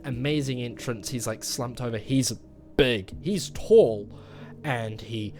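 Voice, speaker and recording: Rambling man retelling a movie plot. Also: medium pitch. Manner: rambling retelling with many fillers, acting out quoted lines. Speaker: movie reviewer. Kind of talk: casual spoken movie review.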